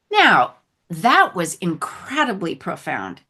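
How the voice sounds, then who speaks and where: A woman telling her recovery story in a candid, animated conversational way, laughing often and going soft when moved. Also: medium pitch, measured pace, vocal fry. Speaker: guest sharing recovery story.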